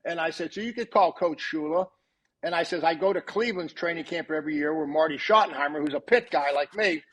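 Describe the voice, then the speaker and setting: A man's voice: on the high side, fast. An older man, a retired coach and podcast guest, tells long anecdotes in a casual way and acts out the dialogue he quotes. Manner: animated storyteller who acts out quoted dialogue.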